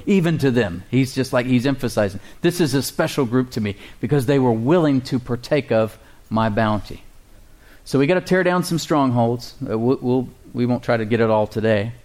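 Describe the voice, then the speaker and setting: A man's voice: medium pitch, animated, darkish tone. Man preaching a call-and-response sermon. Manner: call-and-response preaching, slows to read scripture. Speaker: pastor.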